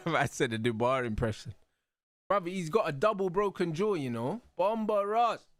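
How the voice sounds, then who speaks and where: Young man, football watch-along host, excitable slangy chat, high-pitched, bone-dry sound. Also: moderate pace, no room sound. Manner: excitable, slang-heavy, laughs loudly.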